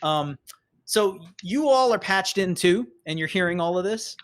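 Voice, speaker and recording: A man running a tabletop game as game master, his voice a bit higher than average. He narrates in a rambling, animated way, full of "like" and "um.". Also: unhurried. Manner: rambling, filler-heavy, animated.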